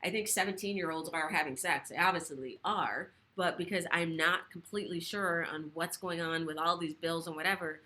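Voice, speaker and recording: Fast-talking bright woman host. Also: on the low side. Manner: fast, animated, swears casually. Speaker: sexual health educator, livestream host. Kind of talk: casual livestream chat. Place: home living room.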